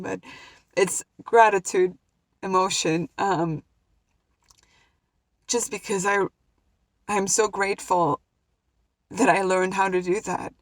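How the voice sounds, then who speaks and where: A woman's voice: medium pitch, steady tone, slow pace, long pauses, dry recording. A young woman earnestly sharing a personal story in a vlog, emotional and heartfelt, often restarting her sentences. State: emotional, near tears. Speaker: vlogger. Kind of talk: personal reflective talk to camera.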